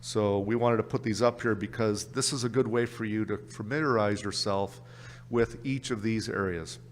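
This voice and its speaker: A man with a Canadian accent presenting an exam prep workshop at a conference, brisk and upbeat. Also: fairly low pitch, steady tone, in a large hall. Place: conference session room.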